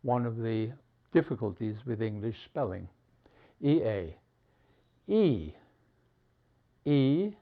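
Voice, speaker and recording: A man slowly teaching English spelling, pausing between each word he gives as an example. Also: mid-range voice. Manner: slow, deliberate, pausing between words. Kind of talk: slow spelling lesson. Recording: dull lo-fi recording.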